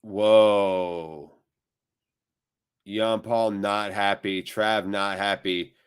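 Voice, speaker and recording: A man hosting a live football watchalong, commentating on the match and chatting with viewers, with loud reactions to big moments. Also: fairly low pitch, steady tone, very slow, clear, resonant tone. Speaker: watchalong host.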